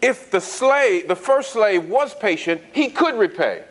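A man's voice: high voice, lively intonation, measured pace, a bit bright, slight background noise. A man preaching a sermon in a conversational style, asking the congregation frequent rhetorical questions and repeating words as he restarts. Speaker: pastor.

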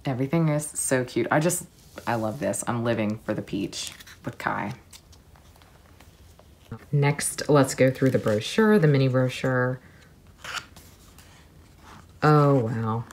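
A woman with a very deep, low-pitched voice narrates an unboxing, softly murmuring and then gushing with delight. A faint hiss sits under the recording. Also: takes it slowly, pauses often. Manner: gushing, soft-spoken, drifts between murmurs and excited exclamations. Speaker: vlogger.

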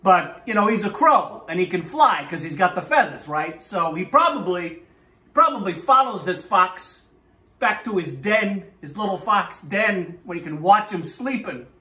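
A brash man riffs through a rambling comedy bit, full of streetwise asides and crude jokes. His voice is high and bright, and it bounces around an echoey room. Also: expressive, measured pace. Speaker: comedic host. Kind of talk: comedic monologue.

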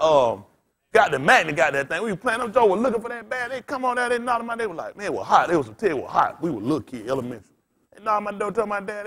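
A man preaching in loose storytelling style as a pastor, blunt and cussing, laughing as he swings between loud bursts and quiet asides. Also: high-pitched. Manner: blunt, street-talking, cussing. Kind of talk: storytelling sermon.

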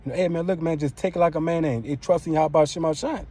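A male preacher gives an informal sermon in a rapid, rolling delivery. His voice is husky and dark in tone. He talks in a rough, profane street manner and keeps peppering his lines with "man". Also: a little high, fairly even intonation. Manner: profane street-style preaching, constant "man" and "you know what I'm saying".

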